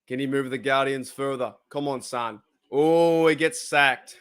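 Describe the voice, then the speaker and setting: A man's voice: medium pitch, a little slow, clear, resonant tone. A man with an Australian accent hosting a fan watch party, giving casual commentary on the game, cheering and groaning at each play. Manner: excitable, cheers and groans at plays.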